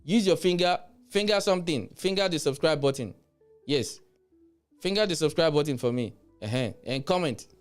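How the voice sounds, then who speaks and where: Animated Nigerian man ranting on a livestream. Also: a little high, moderate pace, clean tone, soft background music. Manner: blunt, mocking, switches into Yoruba. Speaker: livestream host.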